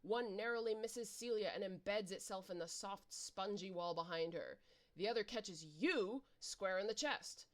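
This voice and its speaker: A woman reading a webcomic adventure aloud in an informal, animated way, narrating the dice rolls and action with playful reactions. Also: medium pitch, moderate pace. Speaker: reader and narrator.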